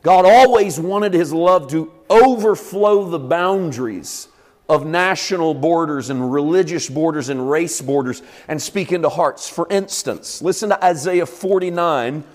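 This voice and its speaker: A man's voice: fairly high pitch, unhurried, darkish tone, long reverb tail. A male pastor preaching a sermon in an emphatic, conversational way.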